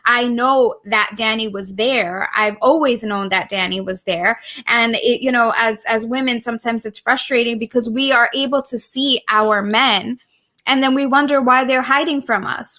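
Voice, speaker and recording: Bright, gushing woman co-hosting a podcast. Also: on the high side, fairly even intonation, moderate pace. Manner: warm, gushing, laughs often. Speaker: podcast co-host. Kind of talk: casual heartfelt chat.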